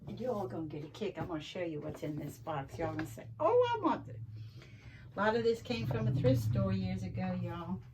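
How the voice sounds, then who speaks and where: A woman's voice: on the low side, brisk, few pauses, noisy background. A middle-aged woman, chatting folksily to viewers as she crafts at home and rambling between stories. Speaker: craft vlogger.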